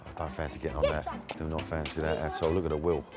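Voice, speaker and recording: A man's voice: extremely low pitch, level tone, fast, loud music behind the voice. A man in his thirties with a Cockney accent, presenting on location, joking and swearing freely. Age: 30s. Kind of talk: on-location banter.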